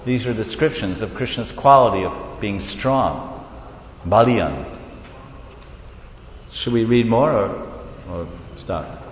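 A man giving a devotional scripture class, reading passages and retelling stories in an animated way. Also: slow pace, long pauses, a little hiss or hum. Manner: storytelling, switches between reading and animated retelling. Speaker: lecturer on scripture. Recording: echoey hall, dull low-fi sound.

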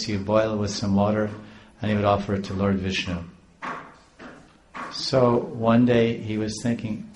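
A man's voice: fairly low pitch, darkish tone, a little hiss or hum. A man telling a devotional story in a rambling, repeating way. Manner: rambling, with many restarts.

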